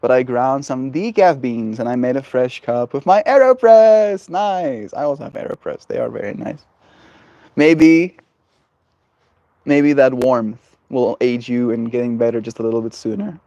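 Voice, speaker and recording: Male livestreamer, casual porch chat, rambling and gentle, dry close sound. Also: mid-range voice, animated, moderate pace, no room sound, dull audio. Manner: rambling and gentle, heavy on fillers. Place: outdoors on a porch.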